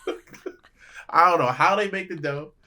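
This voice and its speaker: A man's voice: fairly high pitch, moderate pace, heavy background noise. A man from Nigeria, a comedian guest, joking and teasing in a casual podcast chat and laughing often.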